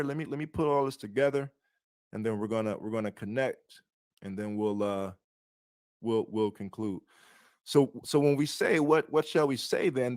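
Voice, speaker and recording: A man leading a bible study, reading scripture aloud and breaking off with rhetorical questions and frequent restarts. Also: mid-range voice. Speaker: bible teacher.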